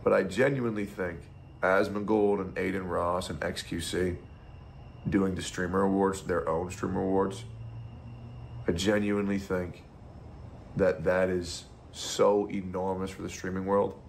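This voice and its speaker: Deep gravelly man ranting. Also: little pitch movement, a little slow, slight background noise. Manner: bitter, profane, sarcastic. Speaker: streamer. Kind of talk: ranting monologue.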